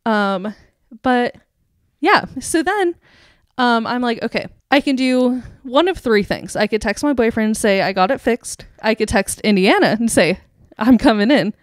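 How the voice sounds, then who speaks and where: A young woman co-hosting a podcast, telling a story in a casual, animated way, laughing and acting out quotes. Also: a little high, a little slow, dry recording, clean studio sound. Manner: animated, giggly, acts out quotes. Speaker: podcast co-host.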